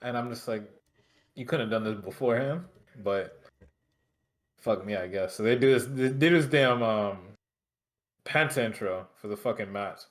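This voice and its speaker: A man's voice: lowish voice, moderate pace, long pauses. Man with dry, wry asides. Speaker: podcast co-host. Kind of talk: casual chat.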